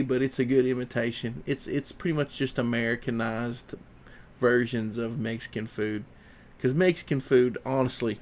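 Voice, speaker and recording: A man's voice: mid-range voice, gravelly. A man, hosting a livestream podcast in a casual, rambling way, reading viewer comments aloud.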